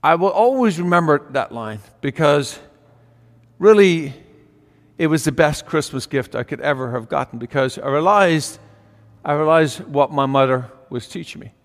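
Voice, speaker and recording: An older man telling a folksy story as part of a homily. His voice sits fairly high, and he talks with asides and fillers. A long reverb rings through the large space. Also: animated, moderate pace. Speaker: preacher.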